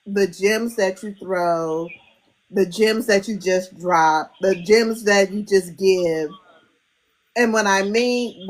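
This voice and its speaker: A woman hosting a podcast talks casually but earnestly, sounding grateful and close to tears. Her voice is mid-range, and the audio quality is poor.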